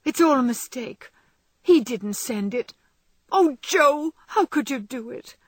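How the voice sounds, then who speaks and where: A woman voicing a gentle young woman who speaks in a pleading, distressed way. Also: high-pitched, lively intonation, slow, no echo, voice pushed up, full character voice.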